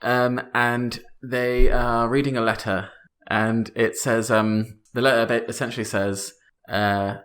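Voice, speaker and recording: A man's voice: medium pitch, flat delivery, a little slow, hardly any pauses, a bit bright. A man co-hosting a comedy podcast, improvising a story, giggly and hesitant with many ums. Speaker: co-host.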